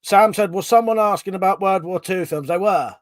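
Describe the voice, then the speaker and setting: Male streamer, casual and sweary, frequent laughter, slightly high pitch, close dry sound. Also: a little fast, dry recording. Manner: laughs often, swears freely, chatty. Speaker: livestream host. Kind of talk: casual chat, reading viewer comments aloud.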